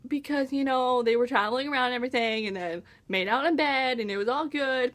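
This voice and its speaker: A woman's voice: sits high, a little fast, hardly any pauses, a bit bright. A young woman reviewing a book in a casual vlog, gushing and exasperated, full of exclamations.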